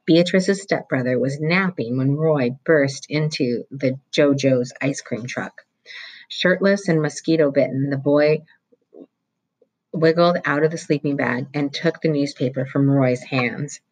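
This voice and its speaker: A teacher reads a novel chapter aloud to students in a steady storytelling way. The voice is husky, with a medium pitch. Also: unhurried, low-quality recording.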